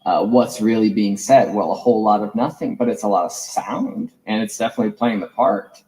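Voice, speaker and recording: A man's voice: fairly low pitch, a little fast, dark tone, low-quality recording. A man giving a reflective, digressive lecture as a course teacher, musing over the roots of words.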